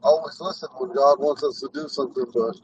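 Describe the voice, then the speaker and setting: A man's voice: mid-range voice, steady tone, fairly quick, a little mellow, a little hiss or hum. Guy with a lisp talking in his car, kinda far from the phone, muffled sound. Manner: rambling, earnest and spiritual. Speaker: Ponca language teacher. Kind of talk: casual talk while driving. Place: inside a car on the road.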